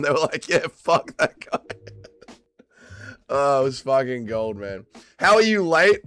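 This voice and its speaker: Still tired and drunk after a late night, an Australian man hosts a casual livestream, swearing and bantering easily with viewers. His voice sits on the high side and sounds clear, resonant and slightly bright, recorded in a clean studio with no room sound.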